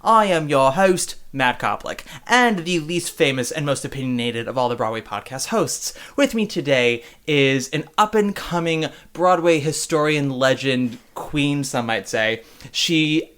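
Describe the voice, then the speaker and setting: A man hosting a podcast, talking in an animated, giddy and theatrical way in casual chat. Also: fairly high pitch, a little slow, few pauses, smooth. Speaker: podcast host.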